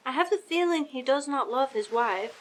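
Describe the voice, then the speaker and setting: A woman live streaming a video game, chatting casually with her viewers in an animated, exclamatory way. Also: sits high, slight background noise. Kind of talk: casual gaming stream chat.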